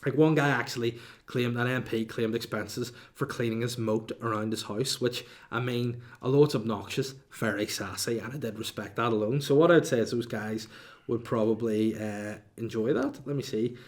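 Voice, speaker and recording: A man's voice: medium pitch, normal speed. Cheeky, chatty man. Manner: chatty and cheeky, reading out listener questions. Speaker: podcast host. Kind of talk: casual solo podcast chat.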